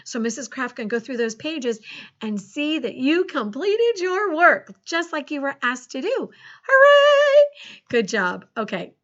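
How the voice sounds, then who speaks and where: A middle-aged woman teacher runs a recorded phonics lesson for young children, staying upbeat and encouraging as she spells words slowly letter by letter. Her voice is high-pitched, sing-song and a bit bright, and the recording has its highs cut off.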